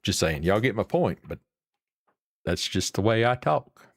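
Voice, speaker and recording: A man's voice: on the low side, very animated, measured pace, no echo, studio quality. Folksy man rambling to viewers. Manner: rambling, folksy, swears casually. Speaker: livestream host. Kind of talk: casual chat with viewers.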